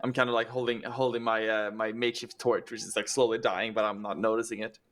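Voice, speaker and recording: A man's voice: fairly low pitch, little pitch movement, fast talker, fairly bright tone. A man playing a tabletop role-playing game, talking his character through in a chatty, hesitant way. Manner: chatty, hesitant, many fillers. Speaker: player.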